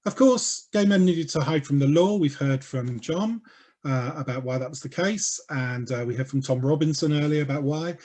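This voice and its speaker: A man giving an educational talk, explaining in a lively, playful way with quick asides. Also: on the high side. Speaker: speaker on language history.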